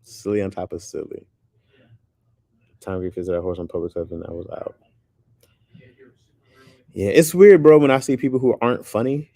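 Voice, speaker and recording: Casual male streamer, deep voice, dry close sound, animated and loose. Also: normal speed, long pauses, no echo. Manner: loose and animated, says "bro" often. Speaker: streamer chatting with viewers. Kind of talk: casual chat.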